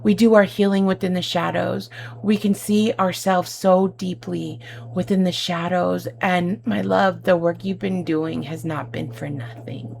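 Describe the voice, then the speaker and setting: A woman's voice: fairly low pitch, vocal fry, slight background noise. A woman giving an effusive, emotional tarot reading to her viewers, calling them babe and my love. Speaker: tarot reader.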